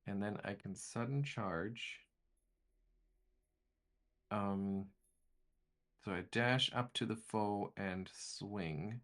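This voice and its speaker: A man with a low, gravelly voice runs a tabletop game as game master. He narrates turns casually and thinks aloud with restarts. His voice has a steady crackle of vocal fry. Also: extremely slow, long pauses.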